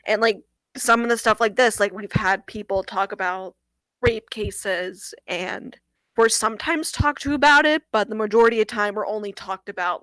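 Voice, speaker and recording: A young woman tells of a hard call from her hotline work, earnest and a little halting, with plenty of "like" along the way. Her voice is bright and taut, set at a middle pitch. The sound is dry and close. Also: no room sound, rough recording. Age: young adult. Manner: earnest, halting, with frequent "like" fillers. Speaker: domestic violence hotline worker. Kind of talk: recounting a personal experience in an interview.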